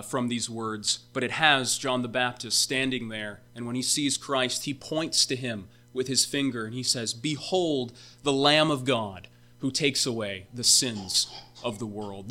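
Man, pastor, sermon, bright ringing voice, emphatic preaching. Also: medium pitch. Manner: emphatic preaching with rhetorical questions.

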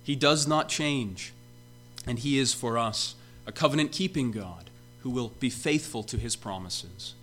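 A man's voice: mid-range voice, measured pace, a bit bright, soft background music. Man preaching an emphatic sermon. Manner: emphatic preaching, rising on repeated calls to behold.

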